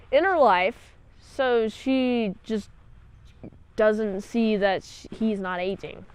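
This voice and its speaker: Chatty, animated woman reviewing an episode. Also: medium pitch, clear, resonant tone. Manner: rambling, jokey, chatty with many "like"s and asides. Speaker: show host, episode reviewer. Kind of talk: casual recap and review.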